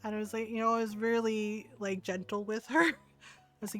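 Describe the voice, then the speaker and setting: A woman's voice: mid-range voice, flat delivery, quick pace, fairly bright tone, faint music behind. A woman streamer chatting casually while gaming, rambling through a story with many fillers and restarts. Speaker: game streamer.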